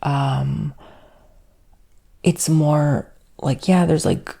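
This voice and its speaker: A flamboyant man gives a sassy, whispered ASMR spiritual talk, dropping casual swears. His voice is heavily gravelly with a husky, breathy edge, and he drifts between soft whisper and low, airy speech. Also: extremely slow. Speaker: ASMR host and spiritual reader.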